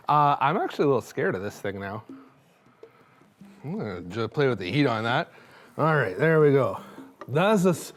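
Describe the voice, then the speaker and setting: A man's voice: a little high, lively intonation, normal speed, long pauses, a little hiss or hum. A man hosting a cooking show, chatting in a rambling, self-mocking, nervous-joking way. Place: studio kitchen.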